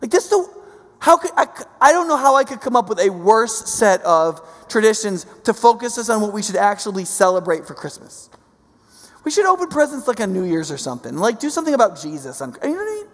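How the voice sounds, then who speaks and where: A man preaching a sermon, teaching in a casual, animated way with many fillers. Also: sits high, brisk, long reverb tail.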